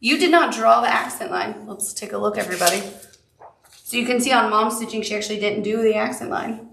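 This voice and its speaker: A woman's voice: mid-range voice, fairly quick, gravelly, a bit bright, reverberant, far from the mic, a little hiss or hum. A woman with a Southern accent leads a live quilting tutorial, chatty and upbeat, with cute little asides. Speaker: quilting instructor.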